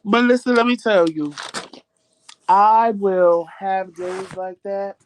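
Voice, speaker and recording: A woman hosting a vlog, telling viewers a story in a casual, animated way and often repeating phrases for emphasis. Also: mid-range voice, slow pace, slight background noise. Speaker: vlog host.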